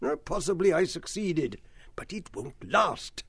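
An actor playing a grave elderly male mouse abbot who speaks calmly and measuredly in a full-cast audiobook. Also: a little high, a little slow, husky, dry recording, full character voice.

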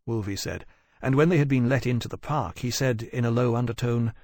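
A man reading a novel aloud as an audiobook narrator, in even, measured storytelling. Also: on the low side, dry recording, clean studio sound. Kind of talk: scripted narration.

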